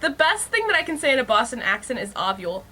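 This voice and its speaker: A woman co-hosts with bubbly, eager energy and frequent laughter. Her voice is high, bright and swings all over. Faint hiss behind. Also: sing-song, quick pace. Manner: bubbly, laughs a lot, pushes recommendations eagerly. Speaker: podcast co-host. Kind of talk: casual chat.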